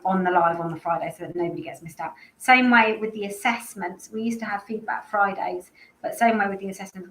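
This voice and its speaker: A woman's voice: fairly low pitch, a bit bright, slight background noise. A woman hosting a casual live stream about dog behaviour training, talking in a rambling, chatty way full of restarts and asides. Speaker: dog behaviour school host. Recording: echoey room with faint ambience.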